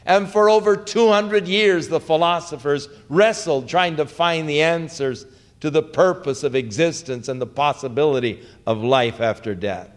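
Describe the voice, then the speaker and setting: A man preaching a sermon, slow and dramatic, with rising questions and hushed quotes. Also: fairly high pitch. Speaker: pastor.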